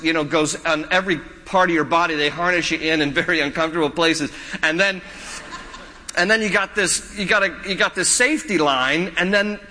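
High, bright-voiced pastor preaching in a hall. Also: male voice. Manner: conversational, repetitive phrasing, asks the congregation questions. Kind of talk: live sermon with stories. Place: church sanctuary. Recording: reverberant church hall.

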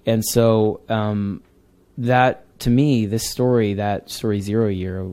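A man's voice: lowish voice, fairly even intonation, slow, dark tone, clean tone. A man, a comic book writer, talking earnestly and rambling in a casual interview. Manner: earnest, rambling, with many restarts.

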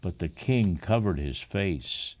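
A man reading scripture aloud in a solemn, measured way. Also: low-pitched, animated, a little mellow. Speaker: reader.

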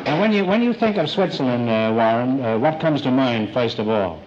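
A man hosting a quiz show, teasing his contestants with puns and quick asides. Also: medium pitch, expressive, a faint crowd. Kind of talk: wisecracking quiz show banter. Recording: muffled old broadcast with loud hiss. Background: studio audience laughter.

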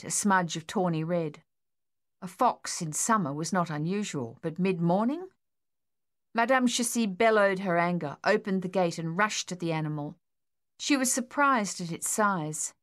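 Female audiobook narrator, low-pitched and steady.

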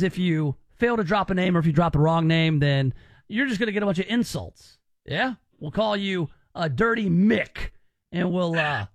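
A man whose voice sits high hosts a call-in radio show, recorded with no room sound. He rambles and teases in joking banter, restarting his sentences often.

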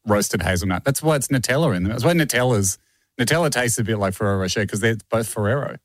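Aussie bloke rambling thru a story on a podcast, laughs a lot, voice bounces up and down. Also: male voice, lowish voice, fast, dry recording. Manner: animated storytelling, laughs often. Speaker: podcast co-host. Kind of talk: casual chat.

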